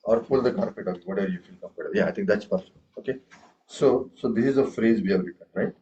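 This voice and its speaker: Speaking fast in a low, dark voice, a man instructs a room of tabla students, though the recording has its highs cut off. He's patient, peppers his teaching with "okay" and "right?", and recites the rhythm syllables out loud.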